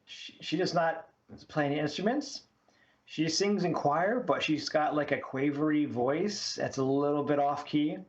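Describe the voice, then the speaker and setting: A player at a tabletop game, scolding and teasing with quick questions. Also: medium pitch, muffled recording. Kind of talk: in-character tabletop play.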